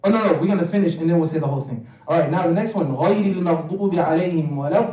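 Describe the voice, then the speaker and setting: A man with a high voice gives a recitation workshop, stretching words out slowly for the class to repeat and breaking into jokes. His tone is dark and mellow. He is picked up from a distance in a reverberant hall. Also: expressive, lo-fi sound. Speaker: Quran recitation teacher. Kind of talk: workshop teaching with call-and-response recitation. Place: mosque hall. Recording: echoey hall, mic from far off.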